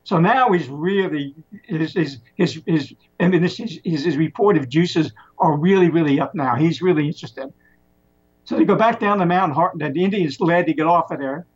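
A man with a fairly high, husky voice tells a long tale in loose, conversational fashion, stumbling and restarting as he goes. The recording is dull and lo-fi. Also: moderate pace. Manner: rambling, animated retelling with many restarts. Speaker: storyteller. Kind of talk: casual spoken storytelling. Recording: muffled lo-fi recording.

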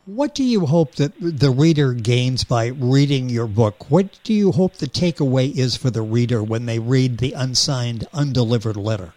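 A man's voice: mid-range voice, animated, moderate pace, few pauses, mellow, no room sound. Formal male radio interview host. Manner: formal introductions, clear questions.

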